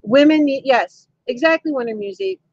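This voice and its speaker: Hosting a live stream indoors at home, a woman chats cheekily and laughs often as she goes through viewer comments. Her voice is high-pitched with a darkish tone at normal speed, and the camera mic audio is dull, with no echo.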